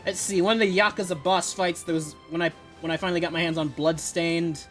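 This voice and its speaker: A man's voice: fairly high pitch, fairly even intonation, brisk, a bit bright, soft background music. A young man streaming a game live, joking and chatting with his audience. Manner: joking, chatty, reacting to cutscenes. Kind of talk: casual live-stream chat.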